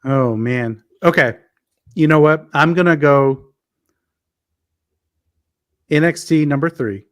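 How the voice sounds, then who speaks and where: A man co-hosting a podcast, chatting casually about wrestling in a halting way, with frequent restarts. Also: a little high, a bit bright, dry recording, clean studio sound. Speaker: podcast co-host. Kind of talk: casual wrestling review chat.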